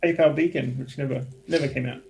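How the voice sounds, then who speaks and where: A man chatting casually on a podcast in a quick, chatty way. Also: mid-range voice, steady tone, creaky, darkish tone. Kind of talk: casual chat.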